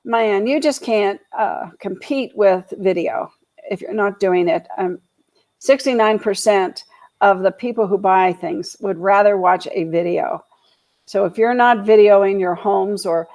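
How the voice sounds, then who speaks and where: A woman's voice: medium pitch, unhurried, darkish tone, rough recording. A woman teaching an online class on a video call, reading statistics from her slides and adding casual asides. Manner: reads statistics aloud, then adds casual asides. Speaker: video marketing instructor for real estate agents.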